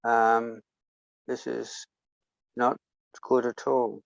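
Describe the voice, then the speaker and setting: A man's voice: mid-range voice, completely flat delivery, drawn-out words, creaky, dry recording. A man with an Australian accent, reading a religious text aloud in a study group and calling in by phone on a video call. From South Australia. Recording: dull, dry phone audio.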